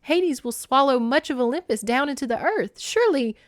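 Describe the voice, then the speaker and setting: A woman reading as a young goddess, firm and pleading at once, asking to be seen as grown. The voice sits a little high and steady, recorded close and dry. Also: brisk, dry recording. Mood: earnest.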